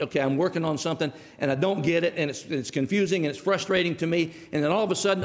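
Middle-aged man, pastor, folksy storyteller at the pulpit, voice a bit high, long church-hall reverb. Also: fast talker, few pauses. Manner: folksy storytelling, acts out dialogue. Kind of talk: sermon.

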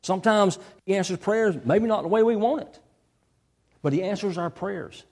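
A man's voice: high-pitched, normal speed, a little mellow, big-room sound. Emphatic man preaching a sermon. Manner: emphatic, repeats key phrases, folksy. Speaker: pastor.

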